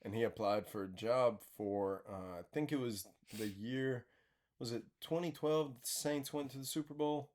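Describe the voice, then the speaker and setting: A young man hosting a casual breakfast podcast chat and telling animated stories with frequent laughter. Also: medium pitch, moderate pace. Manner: animated storyteller, laughs a lot, restarts often. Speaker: podcast host.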